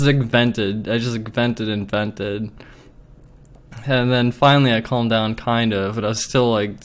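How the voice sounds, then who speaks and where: Agitated, swearing man telling a story. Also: mid-range voice. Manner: profane, agitated, filler-heavy. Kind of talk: casual storytelling.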